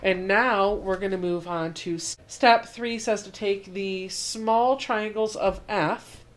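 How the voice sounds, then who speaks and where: A young adult woman who hosts a quilting channel walks through each step of a casual home sewing tutorial, chatty and self-deprecating. Her voice is lowish, with slight background noise.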